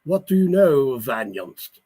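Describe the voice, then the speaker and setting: A man reading his novel aloud, voicing a wary, irritable older English scholar in a put-on English accent with a husky tone. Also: mid-range voice, very animated, unhurried, mellow, voice pushed up. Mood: dismissive. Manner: wary, irritable, clipped speech. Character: sharp, eccentric older English male scholar.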